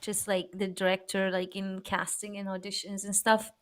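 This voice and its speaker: A woman's voice: medium pitch, little pitch movement, moderate pace, a bit bright. A young woman co-hosting a casual chat, giggling often as she reacts to a video. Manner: giggly, laughs through much of her talk. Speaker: co-host.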